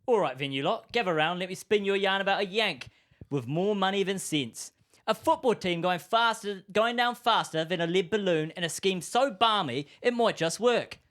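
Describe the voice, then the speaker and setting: A man's voice: sits high, moderate pace, a bit bright, voice pushed down. A man on a podcast doing a shaky put-on British accent as a rambling conspiracy-theorist bloke, full of slang. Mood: yarn-spinning. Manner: spinning a yarn, full of slang and wild comparisons. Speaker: podcast co-host. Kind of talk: comedic scripted rant.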